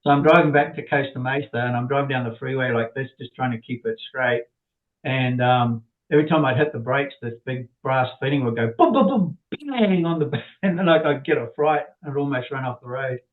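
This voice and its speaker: A middle-aged man tells a rambling story as an interview guest, restarting and repeating words as he goes. His voice has a middling pitch and comes through a thin, phone-like connection that cuts the lows and highs. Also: a little fast, echoey room. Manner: rambling, repeats words, acts out quoted people. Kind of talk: casual anecdotal storytelling. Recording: tinny phone-like line.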